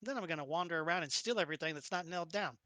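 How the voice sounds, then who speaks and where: A woman's voice: lowish voice, racing, no echo, voice pushed down, natural voice. A woman playing a sly scrappy fox-girl thief. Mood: scheming. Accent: put-on Brooklyn. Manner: deadpan, wheedling, cheeky. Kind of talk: tabletop role-play in character.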